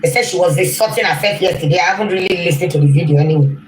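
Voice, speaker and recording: A woman's voice: fairly low pitch, rapid-fire. A woman on a livestream, scolding and insulting a rival over and over. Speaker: rival online commentator. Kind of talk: clip of a livestream rant. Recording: echoey room with faint noise.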